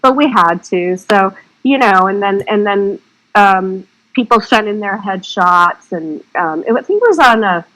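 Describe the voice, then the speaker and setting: A woman talks as a podcast guest, her voice sitting at an ordinary middle pitch. She tells her stories in a loose, rambling, chatty way, circling back as she goes. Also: animated, a little slow, fairly bright tone, poor audio. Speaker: guest filmmaker. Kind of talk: casual interview chat.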